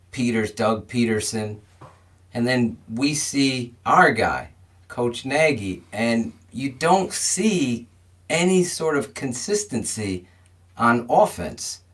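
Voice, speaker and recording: Slow, measured man asking questions. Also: medium pitch, expressive, a bit bright. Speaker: podcast co-host. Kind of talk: casual sports chat.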